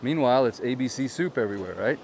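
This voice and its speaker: A man films himself with a handheld gimbal camera outdoors, talking bluntly and with frustration right at his viewers. His voice sits at an ordinary middle pitch, and steady outdoor ambience with passing traffic is clearly heard around him. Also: fast. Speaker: vlogger and real estate agent. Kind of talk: handheld walk-and-talk vlog.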